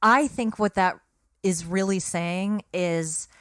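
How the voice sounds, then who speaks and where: A woman's voice: mid-range voice, takes it slowly, clear, resonant tone, dry recording, clean studio sound. A woman co-hosting a podcast in casual, earnest discussion, speaking emphatically with frequent restarts. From Britain. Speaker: podcast co-host.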